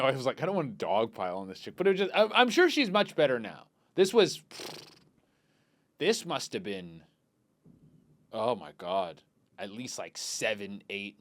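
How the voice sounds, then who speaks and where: A young man hosting a comedy podcast, telling crude rambling stories and swinging between loud bursts and mutters. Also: mid-range voice. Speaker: podcast host. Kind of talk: casual comedic storytelling.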